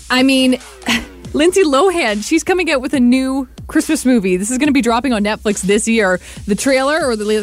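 Woman radio co-host, slightly high voice, playful and gossipy; faint music bed. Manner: gossipy, playful, laughs often. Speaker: radio morning show co-host. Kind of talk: casual chat.

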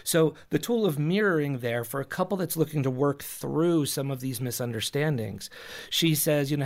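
Pastor guest, male, slightly high pitch, earnest teaching tone, talks through examples. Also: lively intonation, normal speed. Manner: explains with examples, repeats himself while thinking. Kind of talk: earnest advice in a recorded talk.

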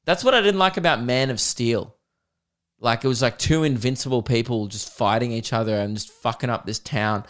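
A man's voice: medium pitch, moderate pace, a bit bright. A young man hosting a comedy podcast, ranting with self-mocking humor and lots of swearing. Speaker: podcast host. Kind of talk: casual comedic rant.

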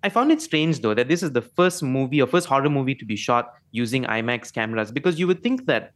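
A man co-hosting a radio film review show, talking excitedly and repeating words for emphasis. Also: mid-range voice, fast. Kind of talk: casual film review chat.

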